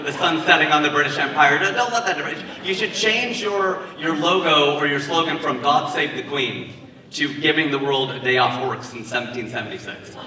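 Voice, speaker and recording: A man performs a stand-up set at a wedding reception, keeping his voice high and animated while he works the crowd. He sits far from the mic in a roomy space. A loud crowd laughs around him. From United States. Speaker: stand-up comedian.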